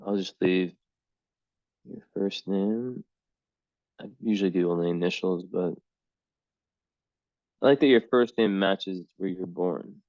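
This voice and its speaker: A man's voice: low voice, takes it slowly, long pauses, no echo. A man from the US giving a casual astrology reading to a client, rambling with lots of "like" and "um", in a small downstairs room. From United States. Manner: rambling, full of "like" and "um". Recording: dull, dry home recording.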